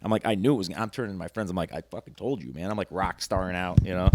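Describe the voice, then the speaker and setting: A man's voice: sits low, rapid-fire, very noisy. Swearing man telling a rowdy story. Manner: animated, swears a lot, acts out quotes in other voices. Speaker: podcast guest. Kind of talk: casual storytelling chat.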